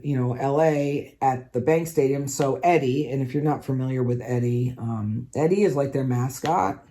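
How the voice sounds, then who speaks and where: Hoarse woman chatting casually. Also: rumbling low, mellow. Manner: rambling, lots of ums and likes. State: hoarse, scratchy throat. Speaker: craft vlogger. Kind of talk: casual chat.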